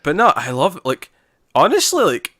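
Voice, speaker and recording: A man co-hosting a podcast about TV episodes, chatting casually and acting out lines from scenes with quick restarts. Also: a little high, wildly swooping pitch, fairly bright tone, dry recording, clean studio sound. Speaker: podcast co-host. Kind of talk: casual chat.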